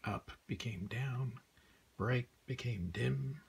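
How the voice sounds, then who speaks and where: Gravelly man softly reading a storybook. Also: mid-range voice, slow pace. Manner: soft, often half-whispered, gentle. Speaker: storyteller playing Santa. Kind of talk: reading a children's picture book aloud.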